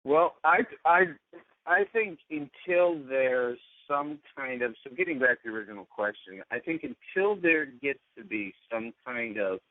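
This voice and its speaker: A man's voice: mid-range voice, lively intonation, a little slow, no echo. A man co-hosting a podcast, chatting casually and often breaking off mid-sentence. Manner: rambling, self-interrupting. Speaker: podcast co-host. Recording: tinny phone-like sound.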